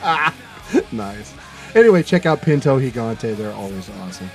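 A man's voice: medium pitch, very animated, moderate pace, soft background music. A man co-hosting a podcast, joking crudely and laughing often. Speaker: podcast co-host. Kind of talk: casual crude banter.

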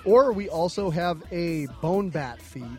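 A man co-hosting a casual comedy podcast, telling jokes and reading out show plugs, swinging from loud to low. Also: unhurried, soft background music. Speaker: podcast co-host.

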